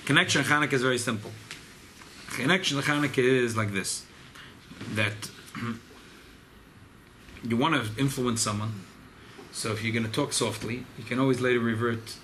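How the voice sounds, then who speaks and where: A man teaching a Torah class to a small gathering, animated and emphatic, sprinkling in Hebrew and Yiddish terms. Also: mid-range voice, moderate pace, pauses often, slight background noise. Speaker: rabbi leading a study gathering.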